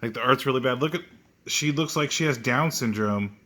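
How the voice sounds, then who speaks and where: A man's voice: mid-range voice, fairly quick, a bit bright. A man reviewing a comic book in a mocking, sneering way, swearing often and restarting his sentences.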